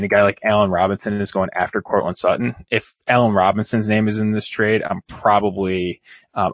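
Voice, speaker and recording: A man's voice: deep voice, dry recording. A man co-hosting a fantasy football show, thinking aloud with hesitant restarts. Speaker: podcast co-host. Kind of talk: casual fantasy football discussion.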